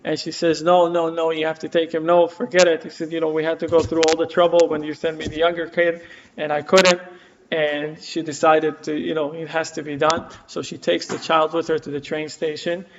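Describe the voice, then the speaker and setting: Captured in a dull, lo-fi recording with a noisy background, a man teaches a community center class. His voice is on the high side and flat, at normal speed, as he tells a story with lots of fillers and restarts, acting out the quoted lines.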